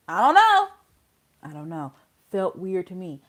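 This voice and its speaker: A woman's voice: high voice, big pitch swings, a little fast. A woman hosting a casual legal commentary channel, exasperated and full of rhetorical questions.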